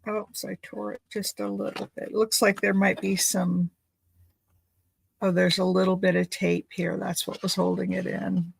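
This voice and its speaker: A woman's voice: mid-range voice, little pitch movement, unhurried, gravelly, breathy edge, rough recording. A woman making a craft video, chatting in a rambling, thinking-aloud way as she opens gifts at home. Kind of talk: casual chatty unboxing.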